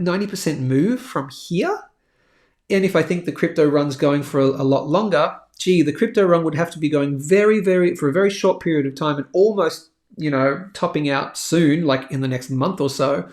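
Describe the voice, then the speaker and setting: A man's voice: on the high side, gravelly, darkish tone. A man hosting a live crypto show, talking bluntly and chattily while working through a price chart. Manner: blunt, chatty, slangy, thinking aloud while drawing on a chart. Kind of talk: live-stream market chart commentary.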